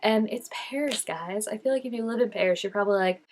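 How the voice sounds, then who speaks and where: A woman hosting a casual reaction video, chatty and animated, with lots of filler words and quick laughs. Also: medium pitch. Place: indoors at home, changing daylight.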